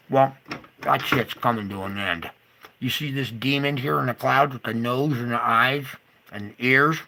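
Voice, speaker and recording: A man ranting furiously to camera, swearing and swinging between loud outbursts and low muttering. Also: vocal fry. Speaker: video creator. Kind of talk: angry monologue to camera.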